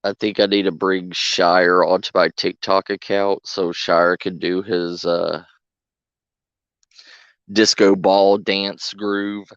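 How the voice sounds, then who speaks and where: A man's voice: low voice, little pitch movement, takes it slowly, fairly bright tone, clear, resonant tone, no room sound, dull audio. A man streaming a game, bantering with his chat in a joking, giggly way. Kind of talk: casual chat to stream viewers.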